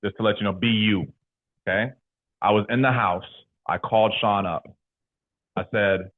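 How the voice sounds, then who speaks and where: Young man from California coaching insurance agents, animated, slangy, thin lo-fi sound. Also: lowish voice, moderate pace, pauses often. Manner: animated storyteller, slangy, laughs a lot. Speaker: insurance sales trainer. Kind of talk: motivational team talk. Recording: tinny phone-like sound.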